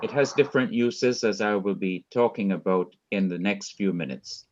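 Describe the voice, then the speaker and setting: A man with a Jamaican accent teaching a Hebrew lesson, speaking deliberately, repeating key words and quizzing his students. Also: lowish voice, a little mellow. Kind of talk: online Bible language lesson. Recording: dull lo-fi sound.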